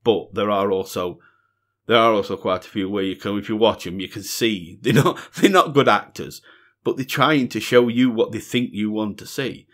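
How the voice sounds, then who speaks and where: Man, middle-aged, lowish voice, earnest, repeats himself for emphasis, casual monologue. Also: normal speed, a bit bright. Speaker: music reaction channel host.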